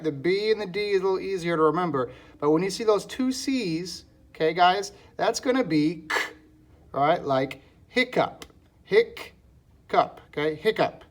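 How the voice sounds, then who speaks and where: A man teaching a phonics lesson online. He sounds out words syllable by syllable and keeps checking in with "okay, guys?". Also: high-pitched.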